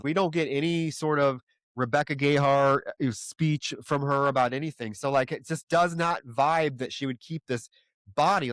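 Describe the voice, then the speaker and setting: A man's voice: a little high, no room sound. A man co-hosting a horror movie podcast, recapping plot in exasperated, profane casual chat. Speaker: podcast co-host.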